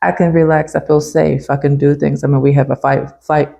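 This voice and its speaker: A woman massage therapist talks shop as a guest on a podcast. Her voice sits low and sounds warm and relaxed. She tells her stories with energy and laughs often, acting out what her clients say. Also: fairly quick, vocal fry, muffled recording. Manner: animated, laughs often, acts out clients' reactions. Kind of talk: casual podcast conversation.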